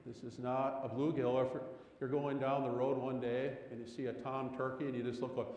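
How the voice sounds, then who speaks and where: A man's voice: a little fast, reverberant, big-room sound, dull audio. A man preaching a sermon as a pastor, telling stories and pressing rhetorical questions with rising emphasis. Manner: animated storytelling, rising pitch on rhetorical questions.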